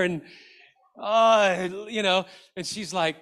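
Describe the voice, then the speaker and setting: Bright-voiced earnest middle-aged male preacher. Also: high voice, takes it slowly. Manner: earnest and exhortative, with rhetorical questions. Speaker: pastor. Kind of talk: sermon.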